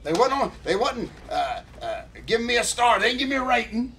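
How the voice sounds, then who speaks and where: A man telling a long, emotional story on a podcast, warmly and earnestly addressing his co-host. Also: very high-pitched, big pitch swings, brisk, slight background noise. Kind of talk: rambling casual storytelling.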